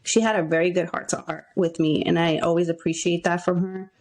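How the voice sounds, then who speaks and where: A woman co-hosting a podcast, telling a story in a rambling, animated way with frequent laughs. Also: lowish voice, a little fast. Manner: rambling, animated, laughs often, acts out quotes. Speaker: podcast co-host. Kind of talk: casual storytelling chat.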